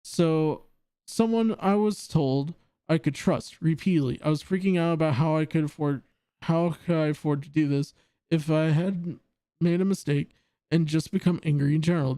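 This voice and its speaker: Man, stream host, reading aloud and commenting, halting delivery, higher-pitched voice, dry close sound. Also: mellow, no echo. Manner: halting, with frequent restarts. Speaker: livestream host.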